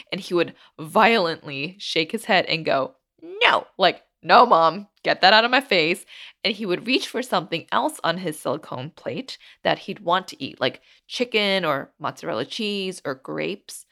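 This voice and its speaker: A woman's voice: low voice, animated, moderate pace, vocal fry, few pauses, fairly bright tone. A woman in her thirties hosting a podcast, chatting candidly and acting out her stories expressively. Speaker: podcast host. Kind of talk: candid casual chat.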